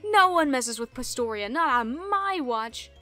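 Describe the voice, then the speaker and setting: A woman voicing a gruff, proud male wrestler gym leader with a blustery manner. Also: high voice, animated, a little slow, sharp tone, faint music behind, exaggerated voice. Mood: fired up.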